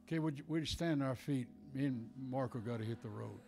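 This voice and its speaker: A man in his eighties preaches a fervent revival sermon in a church, swinging from loud exhortation to soft, personal words. His voice is medium-pitched and gravelly, and he speaks at a quick pace.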